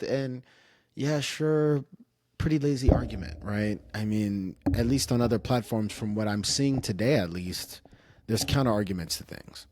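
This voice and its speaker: A man's voice: lowish voice, moderate pace, a little mellow, no room sound, studio quality. A man streaming casual commentary in a rambling, self-interrupting way, often trailing off and restarting.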